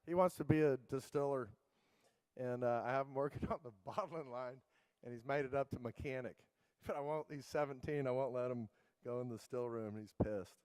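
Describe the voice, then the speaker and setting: A middle-aged man gives a keynote in a loose, storytelling way, piling up fillers and restarts. His voice is smooth and clear at an ordinary pitch. The sound is dry and close, with almost no room around it. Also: a little fast, a little mellow, no room sound, low-quality recording. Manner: casual, rambling anecdotes with many fillers and restarts. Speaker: keynote speaker.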